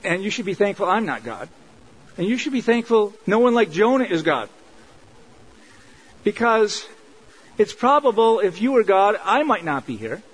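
A man's voice: sits high, sing-song, moderate pace, pauses often, husky, rough recording. A man preaching a sermon in an earnest, conversational way, driving points home with repetition. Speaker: pastor.

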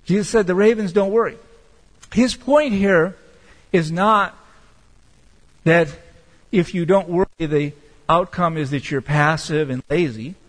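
A man preaching a sermon as pastor, emphatic and slowing down to stress key words. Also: high voice, in a large hall, poor audio.

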